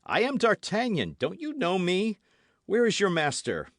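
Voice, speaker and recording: Brief: agitated young swordsman, higher and louder, read by a male narrator, dry sound. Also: a little slow, no echo, full character voice. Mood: alarmed. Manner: excited, raised and loud. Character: frantic young male swordsman, breathless and urgent. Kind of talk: audiobook character voice.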